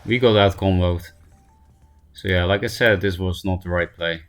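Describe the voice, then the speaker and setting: Streaming a card game, a very low-voiced man muses aloud in a self-deprecating, meandering way, clearing his throat often. His tone is steady and his speed normal, though laughter has left him hoarse, and faint quiet music sits behind him.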